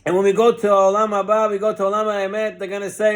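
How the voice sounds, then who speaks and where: A man's voice: sits high, quick pace, hardly any pauses. A man, a rabbi, giving a Torah class, telling a parable. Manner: animated parable-telling with lively voiced quotes.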